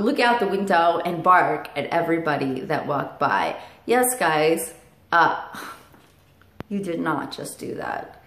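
A woman's voice: fairly low pitch, a bit bright, roomy sound, a little hiss or hum. A woman vlogger telling a casual story to camera at home, chatty, with fillers and asides to her parrot.

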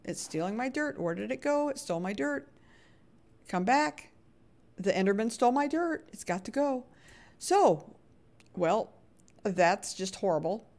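A woman live-streaming her gameplay, chatting to viewers and greeting them by name, often laughing and humming little sound effects as she plays. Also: medium pitch. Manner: chatty and expressive, hums little sound effects while playing; frequent laughs, jumps between hushed nervous asides and loud cheery greetings.

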